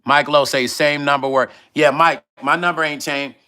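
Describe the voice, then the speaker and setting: The speaker is a middle-aged vlog host on a casual livestream, eating as he reads viewer comments and talks loosely. His fairly high voice holds a steady tone at normal speed and comes across pushed, bright, clear and resonant. He is conversational and tends to repeat himself when emotional.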